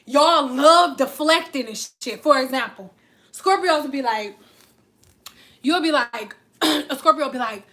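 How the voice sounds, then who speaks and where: A woman's voice: high voice, expressive, unhurried, pushed and bright. A young adult woman vlogging in a casual, frank and profane way, acting out the people she talks about. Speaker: hair care vlogger. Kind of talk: casual chat to camera.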